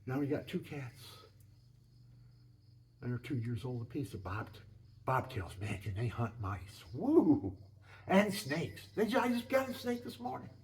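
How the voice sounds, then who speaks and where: A man's voice: medium pitch, sing-song, a little slow. Older man rambling through folksy stories. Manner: rambling, folksy, many restarts. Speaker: home video maker. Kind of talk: casual storytelling.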